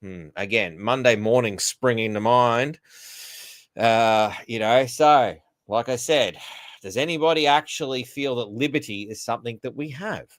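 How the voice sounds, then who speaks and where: A man's voice: mid-range voice, measured pace, dry recording. A man hosting a casual video call chat, blunt and sardonic, swearing freely. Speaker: host.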